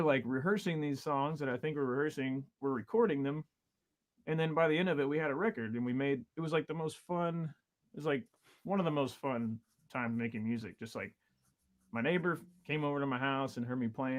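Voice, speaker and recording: A man in his thirties tells a long story in a loose, rambling way. He stacks up fillers and restarts and laughs easily. His voice sits at an ordinary middle pitch. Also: brisk. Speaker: podcast guest, drummer. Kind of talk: casual storytelling chat.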